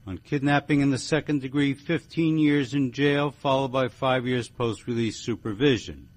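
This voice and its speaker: A man serving as judge, formally reading out a sentence in court. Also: medium pitch. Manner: measured, formal.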